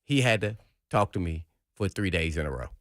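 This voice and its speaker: A deep-voiced former football player co-hosts a radio show, talking sports briskly and casually from a clean studio with no room sound. He's an animated storyteller who laughs often and acts out quotes.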